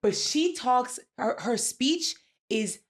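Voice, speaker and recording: Blunt animated woman podcaster. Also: on the high side, slow. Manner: candid, profane, animated storytelling. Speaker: podcast co-host. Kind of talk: casual chat, recapping a reality show.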